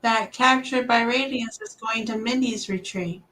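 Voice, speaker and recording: A woman's voice: on the high side, measured pace, sharp tone, poor audio. A woman guest in a casual chat, answering with blunt, skeptical retorts.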